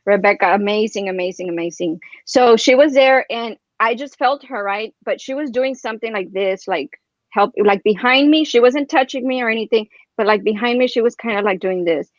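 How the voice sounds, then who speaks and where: A woman telling a personal story in casual chat as a guest, rambling and animated, filling her speech with "like" and "right?". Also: on the high side, fairly quick, no echo, highs cut off.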